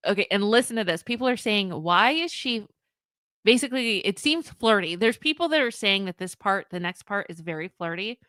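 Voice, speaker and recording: A woman's voice: mid-range voice, bright, forceful tone, smooth, no room sound, studio quality. A young woman hosting a live reaction stream, reading messages aloud and reacting with laughing disbelief. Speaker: commentary livestream host.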